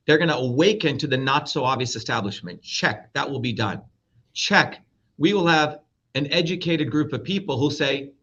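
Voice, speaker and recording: Middle-aged man from India, a fiery political guest, slightly high voice, muffled audio. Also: a little fast, sharp tone. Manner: blunt, combative, profane. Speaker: guest, presidential candidate. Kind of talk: heated interview talk. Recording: dull lo-fi audio.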